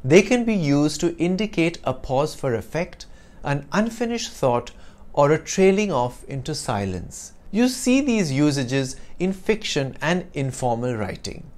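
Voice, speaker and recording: A man teaching an English lesson, explaining clearly and deliberately with wry asides. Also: on the high side, big pitch swings, darkish tone.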